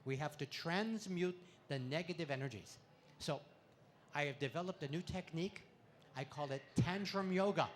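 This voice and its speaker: A man doing stand-up comedy on an expo stage, delivering puns in a playful way with sudden loud swells. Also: fairly high pitch, moderate pace. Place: expo stage before a live audience.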